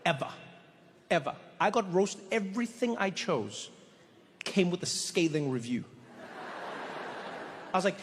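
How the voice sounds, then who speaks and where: High-voiced comedian. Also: male voice, measured pace, pauses often, noisy background. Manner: animated storytelling with stammered repeats. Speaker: stand-up comedian. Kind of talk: stand-up comedy routine.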